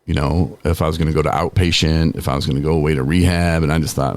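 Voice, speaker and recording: Very deep and a little mellow, this man's voice holds a steady tone as he talks fast with few pauses. He's a podcast host in his forties sharing a personal story casually, with frequent laughs and fillers such as "man" and "you know."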